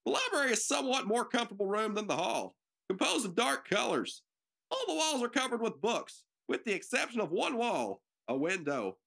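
A woman's voice: a little high, big pitch swings, brisk, vocal fry, fairly bright tone. A nervous woman narrating stage directions for an amateur radio drama, giggling and making joking asides.

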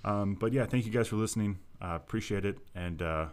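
A man co-hosting a casual podcast, thanking listeners in a relaxed, folksy way with many fillers. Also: fairly low pitch, a little fast. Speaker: podcast co-host. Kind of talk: casual chat. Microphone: remote call.

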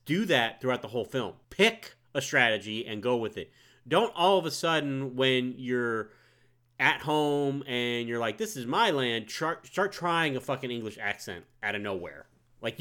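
A man's voice: medium pitch, sharp tone. A man co-hosting a casual movie podcast who talks bluntly and swears freely. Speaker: podcast co-host. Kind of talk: casual movie review chat.

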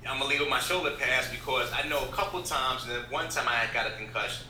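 A man's voice: medium pitch, rapid-fire, bright, forceful tone. A man who works in radio, talking as a guest in an earnest, motivational way that rambles with restarts. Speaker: podcast guest, radio host. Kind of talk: casual interview talk. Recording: roomy echo with faint background noise.

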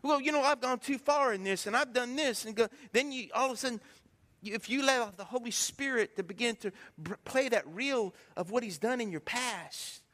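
A middle-aged male pastor preaching a sermon, telling stories with animated swings between loud and hushed delivery. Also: extremely high pitch, a little fast. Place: church sanctuary. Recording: long hall reverb.

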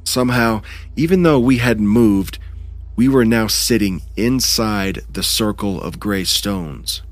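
A man narrating a first-person horror story in a measured, tense way. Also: fairly low pitch, no echo.

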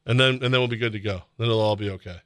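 A man hosting sports radio, talking animatedly with laughs and sudden shouts, reading ads in a studio. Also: on the low side, steady tone, racing, dry recording. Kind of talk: casual sports radio banter with live ad reads. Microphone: close studio mic.

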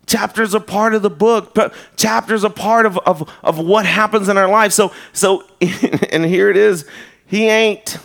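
A male pastor preaching a live sermon in a loose, conversational way, with humor and frequent restarts, dropping low and slow for emphasis and rising when he exhorts. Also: vocal fry, fairly bright tone.

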